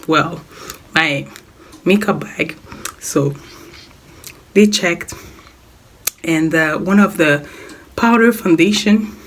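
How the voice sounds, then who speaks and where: A sick young woman vlogging a casual life update in a hoarse, raspy voice, coughing often, rambling and repeating herself. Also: fairly low pitch. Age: young adult. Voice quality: raspy, smoker-like voice. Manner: rambling, repeats words, apologizes.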